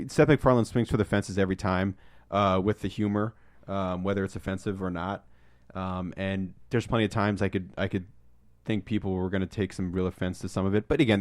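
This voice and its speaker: A man's voice: sits low, no echo. A man casually chatting as a podcast co-host, rambling with lots of ums and acting out movie lines. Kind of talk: casual chat, movie review.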